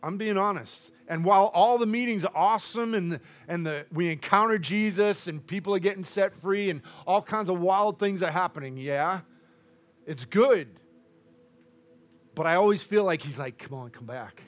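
A man preaching a sermon in a church, loud and boisterous one moment and almost hushed the next. His voice sits a little higher than most men's. He talks freely and calls out to the congregation. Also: normal speed. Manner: loud and boisterous, drops to a hush at times.

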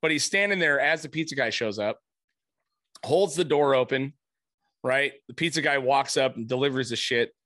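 A man's voice: mid-range voice, normal speed, dry recording, clean studio sound. A middle-aged man telling a story in casual chat, swearing freely and acting out the people he quotes in raised voices. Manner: animated, profane, acts out quotes in raised voices.

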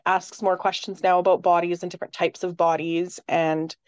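A woman's voice: on the low side, little pitch movement, normal speed, smooth, no room sound, dull audio. A woman, likely in her thirties, talking candidly in a casual chat, swearing freely and laughing often. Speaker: podcast guest.

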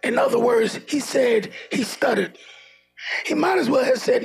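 High gravelly preacher shouting over music. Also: male voice, measured pace. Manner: shouting call-and-response preaching with humor. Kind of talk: sermon. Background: loud music.

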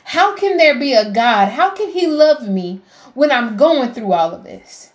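A woman's voice: high voice, animated, unhurried. A woman giving a heartfelt devotional talk, emotional and preacherly, rising to fervent appeals. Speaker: faith vlogger.

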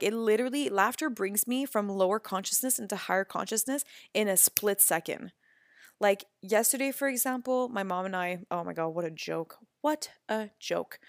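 Laughing, animated woman podcast host. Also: mid-range voice, no echo, studio quality. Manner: laughing, swearing, animated storytelling. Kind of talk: casual spiritual podcast talk.

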